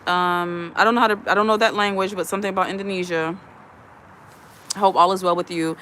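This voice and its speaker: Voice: mid-range voice, steady tone, quick pace, fairly bright tone, a little hiss or hum. A host chatting casually on a livestream from outdoors, greeting viewers one by one and reading their comments aloud into a phone. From USA. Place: outdoors in the evening, chilly. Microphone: phone camera, speaker behind it.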